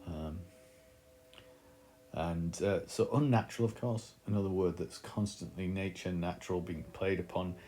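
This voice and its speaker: A man's voice: low-pitched, fairly even intonation, normal speed, mellow, faint music behind. A man teaching a literature lesson, explaining in a thoughtful way with frequent fillers.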